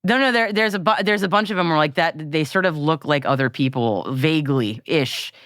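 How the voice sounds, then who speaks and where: A woman co-hosting a podcast in casual chat, animated and laughing often, with frequent restarts. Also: deep voice, normal speed, dry recording, clean studio sound. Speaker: podcast co-host.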